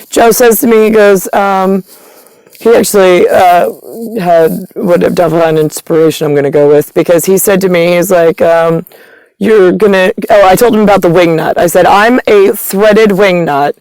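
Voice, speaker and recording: A woman's voice: fairly low pitch, steady tone, normal speed, a little mellow, clean tone, dry recording, poor audio. A woman telling a long, rambling personal story, retelling conversations line by line, with many fillers and restarts. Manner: retells conversations with quoted dialogue.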